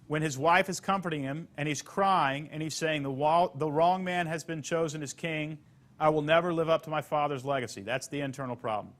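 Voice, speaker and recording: A man's voice: a little high, fairly bright tone. A man teaching storytelling for marketing in a lecture-style talk, emphatic and repeating his key points.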